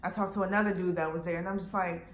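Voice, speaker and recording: A woman's voice: fairly low pitch, steady tone, fast talker. A woman casually retelling a frustrating personal experience, full of fillers and quoted dialogue. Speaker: vlogger. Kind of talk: personal storytime. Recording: roomy with faint background noise.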